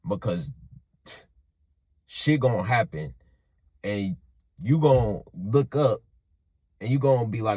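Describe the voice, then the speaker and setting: A man with a husky voice and a somewhat high pitch tells a story in a casual monologue. His delivery is animated and profane, and his pitch leaps up and drops often as he moves between hushed and loud. The sound is dry and close. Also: a little slow, long pauses, no room sound. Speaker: motivational vlogger.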